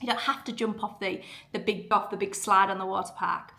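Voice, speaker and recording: A woman's voice: mid-range voice, steady tone, brisk, pushed and bright. A woman, giving an earnest, chatty motivational talk as a podcast host. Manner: chatty, earnest, lots of fillers.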